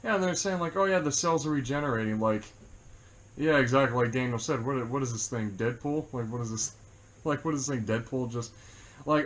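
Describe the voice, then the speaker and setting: Male co-host for a casual movie chat, rambling and quick to laugh. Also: mid-range voice. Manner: rambling, laughs often, many fillers.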